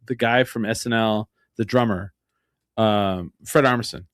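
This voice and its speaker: A man's voice: lowish voice, a little slow, clear, resonant tone, dry recording, clean studio sound. A man from Eastern New Mexico hosting a podcast in casual chat, rambling through stories and swearing freely. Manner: rambling storyteller, swears freely, slips into a twangy West Texas voice for quotes. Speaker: podcast host.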